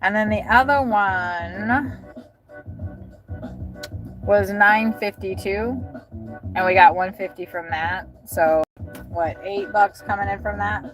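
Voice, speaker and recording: Slow-talking woman chatting from her car. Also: mid-range voice. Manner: rambling, swearing, thinking aloud. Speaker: delivery driver vlogger. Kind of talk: casual livestream chat. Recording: music loud behind voice.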